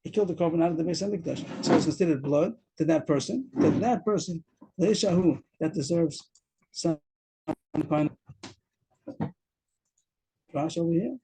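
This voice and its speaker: A man's voice: a little high, normal speed, long pauses, mellow, slightly rough, poor audio. A man teaching a Talmud lesson over a video call, explaining step by step and repeating himself as he goes. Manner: explains step by step, repeats words, mixes Aramaic terms. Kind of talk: daf yomi Talmud lesson.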